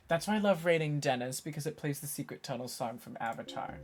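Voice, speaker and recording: A woman's voice: low-pitched, animated, quick pace, hardly any pauses, a little mellow. A woman streaming a video game, chatting casually, self-mocking and swearing freely. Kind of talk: casual live-stream chat while gaming.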